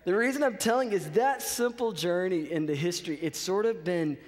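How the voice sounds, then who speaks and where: A man in his thirties telling a lively story as a college chapel speaker, often checking in with his audience. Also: sits high, normal speed. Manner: animated storyteller, checks in with "okay?". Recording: reverberant chapel hall.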